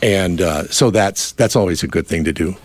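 A man's voice: low voice, normal speed, a little hiss or hum. A middle-aged man hosting a casual radio chat, rambling with many fillers and restarts. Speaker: radio host.

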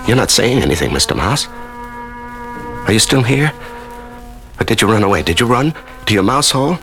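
An actor playing a shaken man long held prisoner in a dark cell, who stammers and halts as he speaks, with music playing behind him. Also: on the low side, very animated. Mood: pleading, tender. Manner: halting, stammering, emotional. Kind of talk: radio drama acting.

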